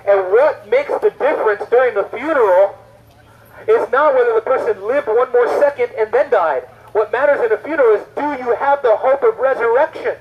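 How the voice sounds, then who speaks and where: A man with a high voice preaching an evangelistic sermon. He talks with emphasis and asks the listeners one rhetorical question after another. The recording sounds dull and lo-fi. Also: a little fast.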